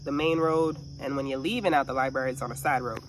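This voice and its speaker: A woman venting in a casual monologue, telling a story with lots of swearing and animated asides. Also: rumbling low, quick pace, noisy background. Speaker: vlogger.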